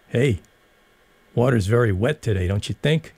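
A man's voice: medium pitch, animated, moderate pace, a little mellow, slightly rough, no room sound, voice pushed up. A man reading aloud and voicing a playful young man in uniform who teases children with mock-serious jokes. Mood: teasing. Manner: joking, mock-serious banter.

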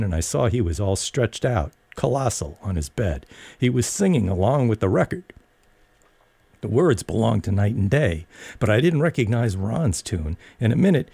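A man reading a novel aloud as a narrator, in an expressive, measured manner. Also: lowish voice, vocal fry, breathy edge, no echo. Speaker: audiobook narrator. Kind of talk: scripted narration.

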